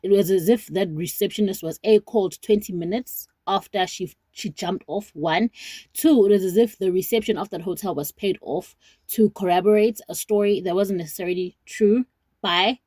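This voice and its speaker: A woman's voice: mid-range voice, normal speed, dark tone, no echo. A South African woman in her late twenties giving rambling, earnest commentary to her viewers, mixing in Zulu words. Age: 20s. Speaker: vlogger. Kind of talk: casual commentary to camera.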